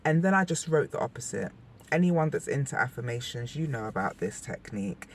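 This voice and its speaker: A woman's voice: a bass voice, lively intonation, a little fast, slight background noise. A young woman talking candidly to camera in a personal vlog, emotional and rambling, often restarting her sentences. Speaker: vlogger.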